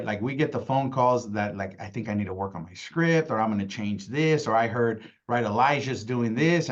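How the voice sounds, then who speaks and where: A man coaching a sales team in a pushy, emphatic way, voice at a middling pitch. The audio sounds dull and lo-fi. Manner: emphatic, repeats "right?" and "y'all". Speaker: sales trainer. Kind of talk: insurance sales training talk.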